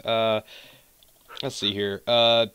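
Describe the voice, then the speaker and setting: A mid-teens boy from California and South Carolina rambles through casual gameplay commentary for his gaming channel, seated at his home computer desk with a cheap desktop mic. His fairly deep voice carries a mild Southern accent mixed with Californian, and he speaks slowly with little pitch movement, digressing into joking asides. The sound is smooth and sharp with no echo, though the highs are cut off.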